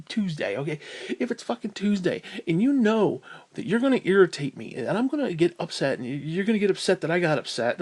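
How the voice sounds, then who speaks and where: A man with a high-pitched voice rants to camera in pain and full of profanity. He swings from loud, heated outbursts down to low, bitter mutters. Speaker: vlogger. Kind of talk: profane ranting monologue.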